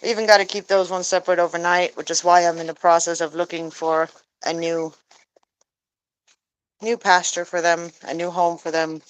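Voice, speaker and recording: A woman's voice: level tone, moderate pace, clean tone, poor audio. Woman with a cold, chatting during chores. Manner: switches to high sing-song baby talk for her geese. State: sick with a lingering cold, coughing. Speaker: vlogger tending her geese. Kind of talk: casual chat while doing chores.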